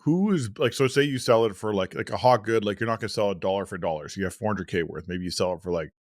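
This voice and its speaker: A man's voice: on the low side, quick pace, no room sound, studio quality. A man co-hosting a food podcast, rambling casually with lots of fillers. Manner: rambling, filler-heavy, laughs often. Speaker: podcast co-host.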